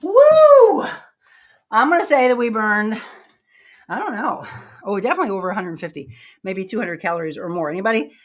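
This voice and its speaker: A chatty, upbeat woman hosts a live workout stream, talking to her viewers between exercises. She counts the reps aloud and encourages the people following along. Her pitch sits in a middle range for a woman. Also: lively intonation, quick pace, a bit bright. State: out of breath. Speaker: fitness show host.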